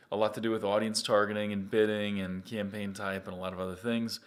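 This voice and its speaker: Middle-aged male host, upbeat conversational tutorial delivery, mid-pitched voice. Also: fairly bright tone. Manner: upbeat, conversational, direct to viewer. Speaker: marketing agency host. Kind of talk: explanatory marketing tutorial.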